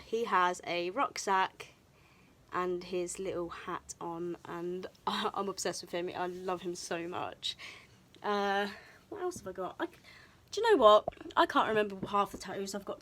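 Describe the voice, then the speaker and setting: A woman's voice: mid-range voice, a bit bright. A young woman chatting casually through a show-and-tell vlog, bubbly and a little out of breath, with frequent ums, recorded on a camera on a tripod. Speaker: vlogger. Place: indoor room, tripod camera. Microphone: camera mic on tripod, moved around.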